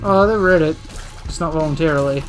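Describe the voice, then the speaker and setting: A man's voice: on the high side, a little fast. A man streaming a video game, chatting casually and sarcastically while he plays. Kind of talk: casual let's-play commentary. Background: game music.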